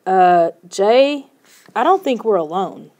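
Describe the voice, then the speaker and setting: A woman's voice: mid-range voice, lively intonation, slow pace, warm tone. A woman voicing a fearful, rule-following boy who speaks hesitantly in an audiobook. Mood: nervous.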